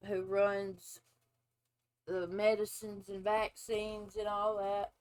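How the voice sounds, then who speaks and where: In a rough recording, a woman of medium pitch speaks with a smooth but flat delivery. She's a forties-aged ex-nurse hosting a laid-back reaction video, bluntly sharing her views and drifting into drawn-out asides.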